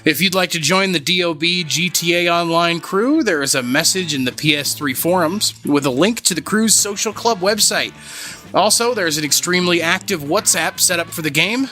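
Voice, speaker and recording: Bright-voiced male podcast news reader. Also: a little high, normal speed, faint music behind. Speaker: podcast co-host reading the news. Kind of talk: casual podcast news read.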